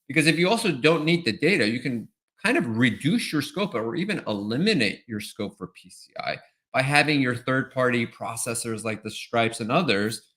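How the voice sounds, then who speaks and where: Bright-voiced man explaining compliance steps. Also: medium pitch. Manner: explanatory, tags points with "right?". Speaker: compliance expert guest. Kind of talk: webinar interview answers.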